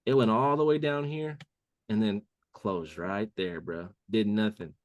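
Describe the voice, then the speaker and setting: Male trading mentor, low voice, casual slangy delivery, dry close mic. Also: animated, normal speed, dry recording. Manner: casual, says "bro" a lot. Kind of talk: live trading call walkthrough.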